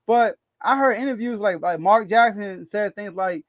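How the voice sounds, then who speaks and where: A man with a notably high voice talks basketball on a podcast, animated and quick to laugh, stumbling over repeated words as he works out his point. His voice sits close and dry, with no room sound around it. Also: no echo, highs cut off. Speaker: sports podcast co-host. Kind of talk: casual sports debate.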